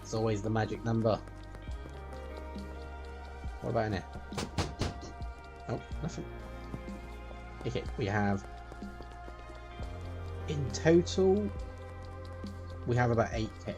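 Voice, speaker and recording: A man's voice: on the low side, little pitch movement, unhurried, long pauses. A man giving a running let's play commentary and chatting to the characters in the game. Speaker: gameplay streamer. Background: game music.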